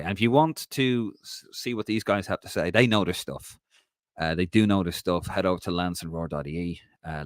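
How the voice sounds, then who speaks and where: A man with a mild Dublin accent hosts a live stream alone, chatting off the cuff and reading viewers' comments aloud. His voice sits low and deep. The sound is close and dry, with no room around it. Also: fairly bright tone, no room sound. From Ireland. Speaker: podcast host doing a solo live stream.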